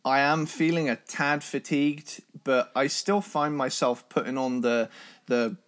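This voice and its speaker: A man co-hosting a casual music podcast, talking with enthusiasm in a hoarse voice. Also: mid-range voice, steady tone, unhurried, a bit bright. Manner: enthusiastic, imitates drum sounds. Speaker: podcast co-host.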